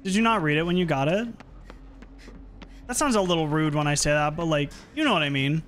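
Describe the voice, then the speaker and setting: A man's voice: on the high side, brisk, a little hiss or hum. Chatty young man streaming a game. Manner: chatty, swears often, reacts loudly in frustration. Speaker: streamer playing a horror game. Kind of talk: casual gaming stream chat.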